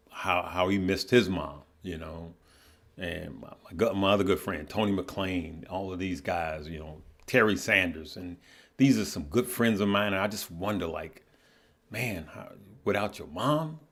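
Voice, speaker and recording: A middle-aged man with a fairly low voice hosts a casual livestream. He speaks earnestly and haltingly, repeating words as he talks to his viewers. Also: a bit bright. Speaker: livestream host. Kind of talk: casual heartfelt livestream talk.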